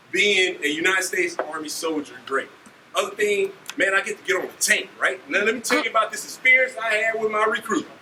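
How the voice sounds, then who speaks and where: A man in his forties from Ohio, an army leader telling students animated stories and often asking "right?". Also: on the high side. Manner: animated, acts out scenes, keeps asking "right?". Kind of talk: motivational storytelling speech. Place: school auditorium. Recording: echoey hall from far off, faint noise.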